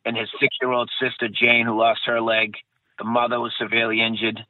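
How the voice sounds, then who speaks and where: A guest who survived a bombing recounts his experience in a casual interview, speaking in a monotone, mid-range voice at a slightly fast clip. His account rambles, with repeated phrases and self-corrections. The recording is dry and tinny, much like a phone call.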